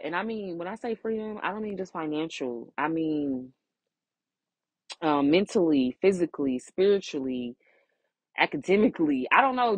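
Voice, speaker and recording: A woman's voice: fairly low pitch, a little mellow, no room sound, lo-fi sound. A woman hosting her own podcast in a heartfelt solo monologue. She sounds emotional and close to tears, and she stresses her points by repeating phrases. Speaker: podcast host.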